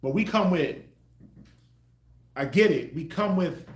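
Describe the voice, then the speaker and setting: A man preaching with a high voice that swings wide in pitch. He keeps breaking into loud acted-out quotes, and the room around him is echoey. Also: measured pace. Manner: animated, acts out quoted voices with loud bursts. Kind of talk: street sermon teaching.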